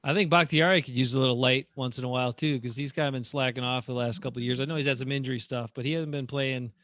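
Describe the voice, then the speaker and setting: A man's voice: medium pitch, fairly even intonation, fast, fairly bright tone, dry recording. A man co-hosting a casual sports chat show, opinionated and rambling with fillers. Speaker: podcast co-host.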